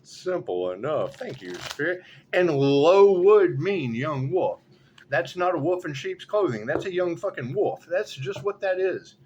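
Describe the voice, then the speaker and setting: Excitable man with lively pitch. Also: measured pace, dull audio, slight background noise. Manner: excitable, repetitive, swings between low mutters and loud exclamations; swears casually. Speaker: tarot reader. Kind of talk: solo spiritual tarot commentary.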